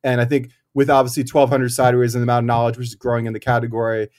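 Halting man talking cider craft. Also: mid-range voice, monotone, darkish tone. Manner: thoughtful, halting with many fillers and restarts. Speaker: cider maker, guest. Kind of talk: casual interview talk.

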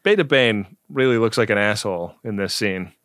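A man's voice: lowish voice, fairly quick, a bit bright, dry recording, clean studio sound. A man co-hosting a podcast, casually retelling a TV episode in a loose, rambling way with lots of fillers. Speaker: podcast co-host. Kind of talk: casual episode recap chat.

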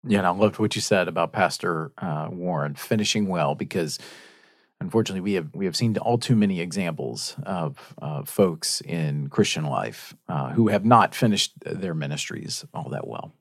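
A man's voice: deep voice, animated, normal speed, no room sound, studio quality. A man hosting a faith-based news talk show, reading news stories aloud and chatting with his co-hosts.

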